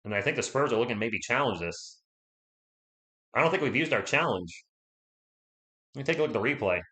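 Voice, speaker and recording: A man doing fan play-by-play commentary on a livestream, excitable and shouting at big plays, a little hoarse from losing his voice. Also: mid-range voice, fairly quick.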